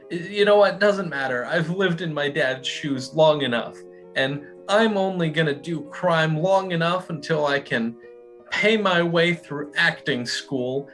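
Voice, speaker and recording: A man's voice: a little high, fairly bright tone. A man voicing the awkward teenage son of a supervillain who keeps interrupting himself, in improvised comedy. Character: teen son of a supervillain, dreams of acting.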